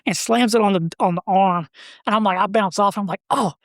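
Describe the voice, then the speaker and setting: A man's voice: high-pitched, steady tone, no room sound, clean studio sound. Rambling man telling family stories. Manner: rambling, halting, laughs through stories. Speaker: podcast guest. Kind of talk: casual storytelling.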